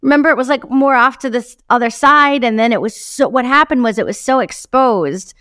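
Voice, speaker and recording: A woman's voice: fairly high pitch, fairly quick, fairly bright tone, dry recording, clean studio sound. A woman co-hosting a podcast, chatting in a casual, enthusiastic way and laughing often. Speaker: podcast co-host. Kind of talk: casual chat.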